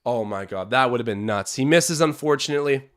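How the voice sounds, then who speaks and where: A young man from Canada hosting a live basketball watch-along, calling plays and chatting with his viewers, animated and swinging from hype to groans. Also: mid-range voice, fairly quick. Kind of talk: excited live game commentary with chat.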